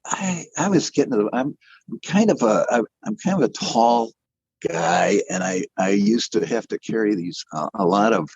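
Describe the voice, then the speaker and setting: An older man, an animator being interviewed, tells his career story casually, rambling, putting himself down and often restarting sentences. His fairly low voice is expressive, gravelly and slightly rough at a moderate pace, on a muffled recording with no echo.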